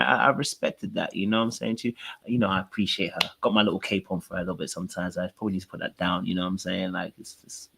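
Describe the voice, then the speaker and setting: A man's voice: on the low side, a bit bright. A man hosting a casual online talk show, welcoming guests with a loose, drawling patter full of "you know what I mean.". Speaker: podcast host. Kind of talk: casual chat.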